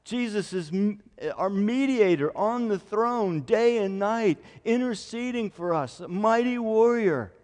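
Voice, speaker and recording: Guy preaching a sermon, kinda high voice, big reverb hall, gets loud and emphatic. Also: expressive, a little slow, few pauses. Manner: builds to loud emphatic declarations; quotes scripture at length. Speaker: pastor.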